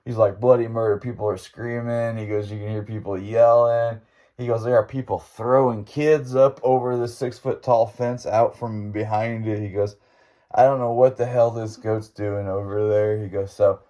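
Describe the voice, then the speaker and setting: A man's voice: on the low side, warm tone. A man hosting a podcast, telling a story in an impromptu monologue, rambling along and laughing as he goes. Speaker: podcast host.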